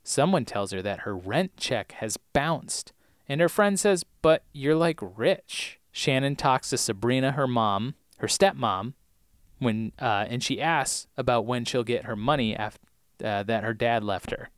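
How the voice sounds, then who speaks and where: A man co-hosting a podcast, casually recapping episodes with playful puns and quick acted-out lines. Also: medium pitch, clear, resonant tone, no echo, studio quality. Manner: playful, punning, acts out scenes. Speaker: podcast co-host.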